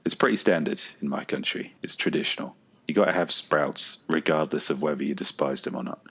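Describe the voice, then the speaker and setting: A man's voice: rumbling low, a little fast, creaky, a bit bright, slightly rough. A man with an English Midlands accent chatting casually on a podcast and laughing easily. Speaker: podcast co-host. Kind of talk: casual chat.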